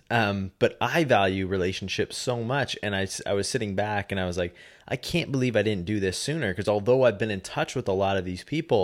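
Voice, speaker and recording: A man hosting a podcast, chatting casually and self-deprecatingly with plenty of fillers. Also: on the low side. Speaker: podcast host.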